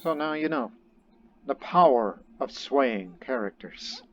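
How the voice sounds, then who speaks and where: A man's voice: mid-range voice, lively intonation, takes it slowly, a bit bright, a little hiss or hum. A man giving casual, rambling commentary while playing a strategy game, thinking aloud as he goes. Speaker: let's play gamer. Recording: dull lo-fi recording with faint game music.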